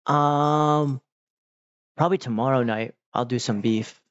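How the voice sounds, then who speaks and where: A man hosting a casual livestream, talking to chat in a relaxed, rambling way with many fillers. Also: medium pitch, measured pace, no room sound. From United States. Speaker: livestream host. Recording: dull, dry mic sound.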